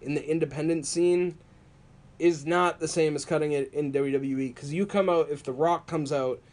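A man casually telling wrestling stories on a podcast, animated and laughing often. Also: fairly high pitch, moderate pace. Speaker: podcast co-host.

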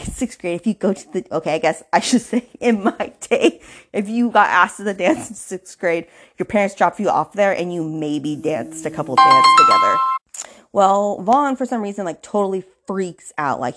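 A woman's voice: on the low side, fairly bright tone. A woman podcast host casually recapping a novel's plot, full of "like" and "you know" fillers, with indignant asides. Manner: chatty, filler-heavy retelling.

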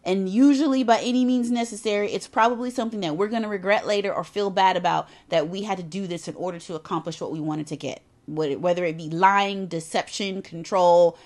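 A woman with a mid-range voice speaks briskly and barely pauses as she gives a motivational talk on self-love. Her style is emphatic and conversational, full of casual asides and repetition for emphasis, and she slips into animated character voices when retelling quotes.

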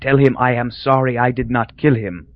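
A man's voice: medium pitch, fairly even intonation, moderate pace, natural voice. A man doing a gasping dying old dictator. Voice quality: gasping, croaking. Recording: dull dry lo-fi recording.

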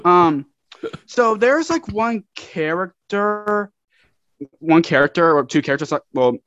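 A man's voice: high voice, expressive, a bit bright, dry recording. Hesitant man with dull muffled sound. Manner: halting, hesitant, many fillers. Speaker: co-host asking questions.

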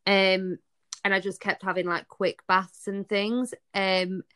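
A woman's voice: mid-range voice, slow pace, smooth. A young woman, a podcast guest telling her story in casual chat and acting out the dialogue. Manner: animated, acts out quoted dialogue.

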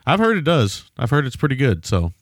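A man co-hosting a podcast, talking in a laid-back, measured way. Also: mid-range voice, huge pitch swings, dry recording, studio quality. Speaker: podcast co-host. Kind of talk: casual chat.

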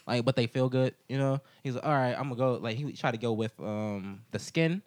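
A man's voice: mid-range voice, brisk, dry recording. A young man hosting a casual podcast chat, telling rambling stories full of filler words. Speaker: podcast host.

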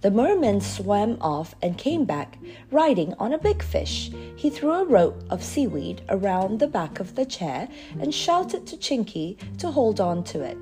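A woman reading a children's storybook aloud, expressive and measured. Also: medium pitch, over music.

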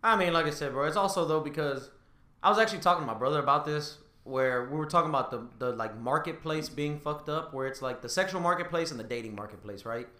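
A man in his thirties in casual podcast chat, talking fast and loose, swearing and tagging lines with "bro" and "right?". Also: a little high, bright, forceful tone, echoey room, recorded from a distance. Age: 30s. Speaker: podcast co-host.

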